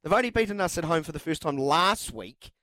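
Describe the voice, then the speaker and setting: A man's voice: on the high side, lively intonation, a little fast, sharp tone, dry recording. A man hosting talkback sports radio, chatting and reading out listener texts. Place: radio studio.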